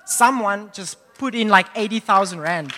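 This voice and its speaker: Man, young, preaching, high bright voice, long hall echo. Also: normal speed, crowd noise, noisy background. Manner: animated, casual storytelling with laughs. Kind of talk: sermon with personal storytelling.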